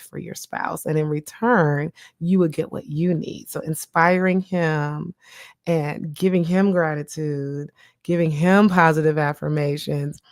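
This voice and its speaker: A woman hosting a casual podcast as a therapist, animated and encouraging, acting out her own inner voice as she talks. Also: low voice, no room sound, clean studio sound. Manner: encouraging, direct advice to listeners. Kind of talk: casual motivational podcast talk.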